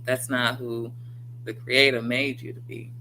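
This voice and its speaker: Casting: bright, vivid woman, warm livestream host giving motivational talk, faint hum behind. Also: a bass voice, level tone, a little slow, low-quality recording. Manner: earnest, encouraging, talks straight to viewers; acts out quoted inner voices.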